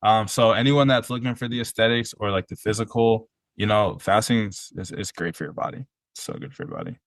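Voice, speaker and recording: With a lowish, vocal-fry voice, this personal trainer gets very animated as a podcast guest, talking a little fast. His casual, earnest storytelling wanders with fillers and restarts, and there's no room sound.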